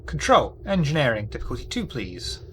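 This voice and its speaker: A man acting as game master of a sci-fi tabletop game, narrating enemy moves and calling out rolls in a relaxed, thinking-aloud way. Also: mid-range voice, brisk, slight background noise.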